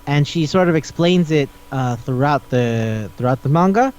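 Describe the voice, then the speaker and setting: A man's voice: on the high side, expressive, moderate pace, darkish tone, clear, resonant tone, highs cut off. Rambling, profane male podcast host. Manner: rambling, profane, acts out dialogue as he retells. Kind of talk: casual podcast chat.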